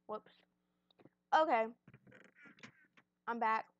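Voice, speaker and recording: A woman's voice: on the high side, drawn-out words, dull audio. A young woman commentating a game she is playing, rambling and self-deprecating, at times chewing as she talks. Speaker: gaming channel host. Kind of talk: casual gameplay commentary. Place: at home, on a bed.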